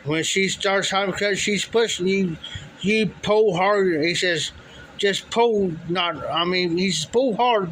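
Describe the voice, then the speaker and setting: Man, casual storyteller, rambling, fairly high voice, bright tone. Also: a little hiss or hum, low-quality recording. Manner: rambling, repeats "he says" and "I said" often. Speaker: livestream storyteller. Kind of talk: casual spoken anecdote.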